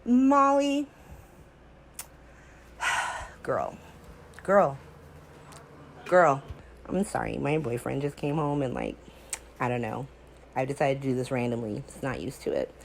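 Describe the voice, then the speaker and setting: A woman's voice: rumbling low, sing-song, slow pace, gravelly, pauses often, slight background noise, rough recording. A woman hosting a casual soap opera recap from home, talking in a sassy, exasperated way full of rhetorical questions.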